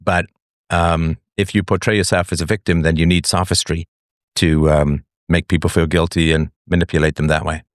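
Low-voiced man hosting a call-in show. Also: level tone, normal speed, dry recording, studio quality. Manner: musing, chatty, many fillers and asides. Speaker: show host. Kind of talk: live call-in talk show.

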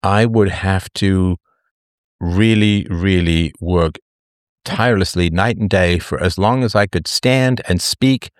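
A man's voice: sits low, takes it slowly, smooth, dry recording, clean studio sound. A man hosting a livestream, chatting casually and reading out comments. He rambles with a self-mocking, joking manner. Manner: rambling and self-mocking, with lots of fillers and restarts. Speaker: livestream host.

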